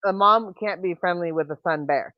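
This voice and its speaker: A woman hosting a livestream, talking in casual chat and telling rambling, animated stories full of restarts. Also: lowish voice, normal speed, no echo, highs cut off. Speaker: livestream host.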